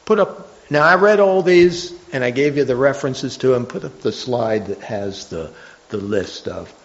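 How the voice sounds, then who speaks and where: A man preaching a sermon, reading scripture slowly and emphatically, with frequent restarts. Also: mid-range voice. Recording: dull lo-fi recording.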